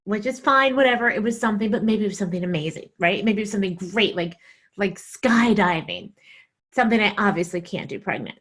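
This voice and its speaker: A young woman from the American South telling a stand-up comedy story, animated and acting out the voices she quotes. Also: medium pitch, fairly quick.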